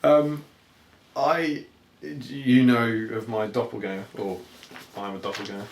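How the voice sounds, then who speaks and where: A man's voice: medium pitch, flat delivery, unhurried. A man co-hosting a podcast in casual chat, joking and rambling through anecdotes with many restarts. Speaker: podcast co-host. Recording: roomy echo, faint background hiss.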